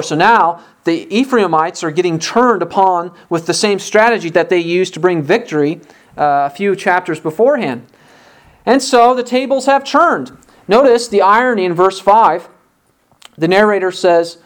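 A preacher delivers an expository sermon, moving through a Bible passage verse by verse. The voice sits at an ordinary middle pitch, and now and then the preacher briefly acts out the dialogue of the people in the story. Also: lively intonation, moderate pace.

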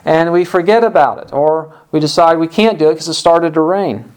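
A man's voice: on the high side, normal speed, few pauses, a little mellow, clean tone, rough recording. A man preaching a sermon, a parent, emphatic and stressing points by repeating phrases. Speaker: pastor.

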